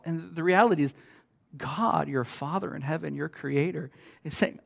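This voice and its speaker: A man preaching a sermon, passionate and conversational, swinging between soft, intimate lines and loud, emphatic bursts. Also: fairly high pitch, moderate pace, gravelly. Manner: conversational with fillers and repeats. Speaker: pastor.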